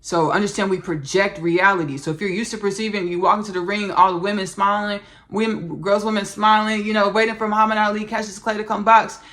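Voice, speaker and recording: A woman hosting a spiritual podcast, channeling and recounting spirit messages in an effusive, repetitive way with soft murmured thanks. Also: mid-range voice, fairly even intonation, fast talker, hardly any pauses.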